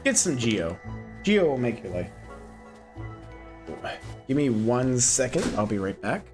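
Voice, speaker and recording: A man's voice: medium pitch, very animated, unhurried, over music. A man streaming a video game, chatting casually with playful, reactive commentary.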